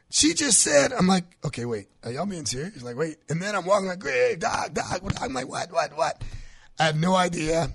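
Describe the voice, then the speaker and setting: A man's voice: sits high, normal speed, vocal fry, husky, no echo. A man co-hosting a health talk show, chatting casually and acting out quotes as he tells stories. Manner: animated storyteller, acts out quotes. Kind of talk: casual chat.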